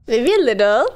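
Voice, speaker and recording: A woman's voice: a little high, a little mellow. A young woman streaming a video game, chatting casually in a bubbly, giggly way. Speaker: VTuber streamer. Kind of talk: casual gameplay commentary.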